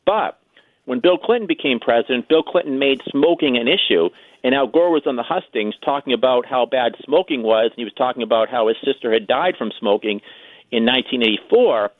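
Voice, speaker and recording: A man's voice: medium pitch, lively intonation, no room sound. A man as a guest political commentator on a radio talk show, speaking casually with many fillers over a phone line. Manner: quick, chatty, many fillers. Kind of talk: radio call-in interview. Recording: tinny dry phone line.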